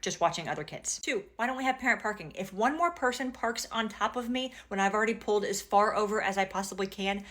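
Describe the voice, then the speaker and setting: A woman's voice: medium pitch, lively intonation, fast talker, hardly any pauses, a bit bright. A young woman talking casually and practically to the camera, giving advice to new parents. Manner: chatty, practical, instructive. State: pregnant. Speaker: parenting content creator.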